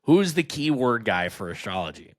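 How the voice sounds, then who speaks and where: A man's voice: medium pitch, very animated, moderate pace. A man hosting a podcast, reading items aloud and riffing on them with mocking, sarcastic asides. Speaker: podcast host. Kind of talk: casual sarcastic commentary.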